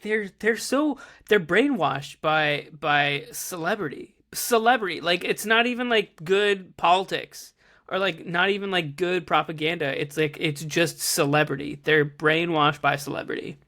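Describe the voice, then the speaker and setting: A man's voice: sits high, normal speed, bright, forceful tone. A man guest in casual conversation who sounds exasperated and laughs often. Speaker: guest, writer and activist.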